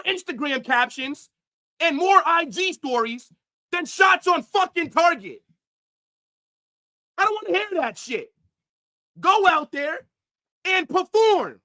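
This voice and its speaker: Swearing, ranting man with lively pitch. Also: takes it slowly, pauses often. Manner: angry, profane, swings from shouting to mutters. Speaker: football livestreamer. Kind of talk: livestream rant.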